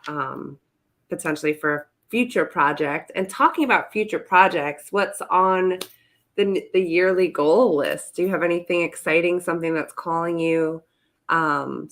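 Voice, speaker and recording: A man's voice: on the high side, fairly even intonation, a bit bright. Encouraging male podcast host. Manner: encouraging, laughs along, quick affirmations. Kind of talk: casual interview.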